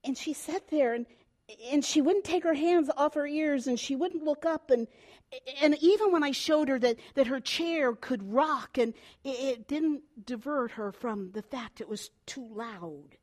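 An older woman preaching a sermon, telling a family story with swings between hushed and loud delivery. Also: high-pitched, unhurried.

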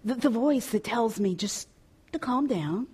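A woman pastor preaching a storytelling sermon, expressive and at times dropping soft and hushed. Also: on the high side, measured pace, slightly rough.

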